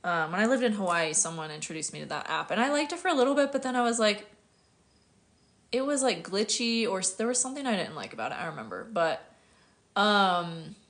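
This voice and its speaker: Answering viewers' questions on her livestream, an American woman in her thirties works as an astrologer, keeping things casual, chatty, and full of laughs. Her medium-pitched voice is animated, fairly quick, and fairly bright.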